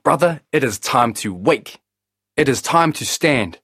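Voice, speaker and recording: A man's voice: mid-range voice, expressive, a little slow, fairly bright tone, breathy edge, no echo, studio quality. A man voicing a bold young male trickster hero in a storybook, earnest and grand.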